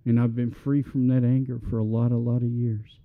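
A man's voice: mid-range voice, little pitch movement, brisk, narrow, tinny audio. Earnest middle-aged male pastor preaching. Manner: earnest, conversational preaching that rises to passionate. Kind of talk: sermon.

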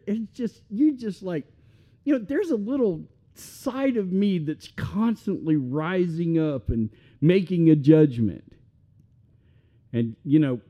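A man preaching a sermon as pastor, conversational and animated, with self-deprecating humor. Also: sits high.

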